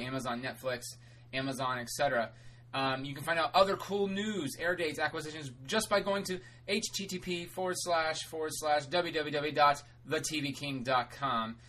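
A man's voice: fairly high pitch, sharp tone, low-quality recording. A man hosting a podcast, giving a loose and chatty intro and a sponsor read, rambling along with casual swearing and self-corrections. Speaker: podcast host.

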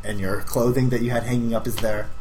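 A man running a tabletop horror game as game master, narrating with lively delivery, casual swearing and voices for side characters. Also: mid-range voice, fast talker, slight background noise, rough recording.

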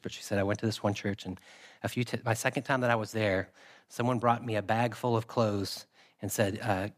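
A man preaching a sermon in a conversational way, reading scripture aloud and repeating key phrases for emphasis. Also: fairly low pitch. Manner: reads scripture aloud in a steady cadence. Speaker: pastor.

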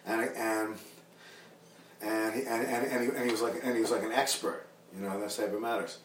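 A man's voice: on the low side, flat delivery, brisk, recorded from a distance, slight background noise. A blunt, opinionated man speaks in a casual podcast chat, often stumbling and repeating words before he lands his point. He sits away from the mic, and the room around him rings with echo. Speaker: podcast guest.

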